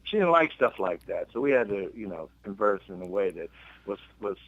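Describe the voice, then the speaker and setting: A man, a musician and guest, telling a long personal story in a casual interview, jumping in pitch as he acts out others' lines and often restarting his sentences. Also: a little fast, no echo. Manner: animated storyteller acting out quotes with sudden pitch jumps and many restarts. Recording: dull lo-fi dry radio recording.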